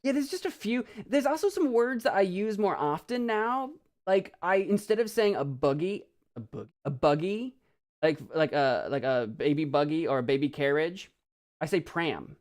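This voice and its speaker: A man's voice: high voice, lively intonation, normal speed. American guy rambling on his stream, very bouncy voice, keeps laughing and reading chat. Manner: rambling, giggly, reads viewer comments aloud. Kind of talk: casual live-stream chat.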